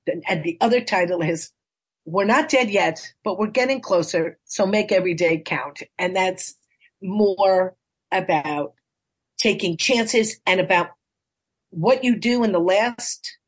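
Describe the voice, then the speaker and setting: A woman in her sixties, a life coach and author, chatting in an interview and telling stories with lively acted-out quotes. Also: mid-range voice, measured pace, husky. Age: 60s. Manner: chatty, animated storytelling, acts out quoted voices. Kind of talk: casual interview chat.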